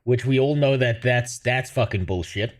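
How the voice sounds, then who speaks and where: Talking to his viewers on a livestream, a man rambles casually at a moderate pace in a mid-range voice. He's profane and laughs often.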